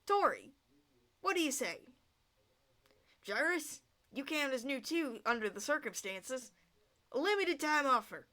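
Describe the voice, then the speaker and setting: A woman voicing a creepy old man who runs a spa in a story game, making a pushy sales pitch. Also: sing-song, measured pace, pauses often, pushed and bright, exaggerated voice. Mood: smarmy.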